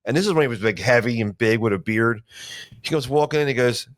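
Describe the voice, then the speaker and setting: A man's voice: mid-range voice, fast talker. A man co-hosting a comedy podcast, chatting loosely and rambling between thoughts. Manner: rambling, trailing off mid-thought. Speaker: podcast co-host. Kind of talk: casual comedic chat.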